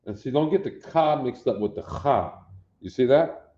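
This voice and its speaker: A man teaching a language class, sounding out letters and repeating them slowly for students to copy. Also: mid-range voice, animated. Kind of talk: classroom lesson, drilling sounds. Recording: roomy, dull lo-fi recording.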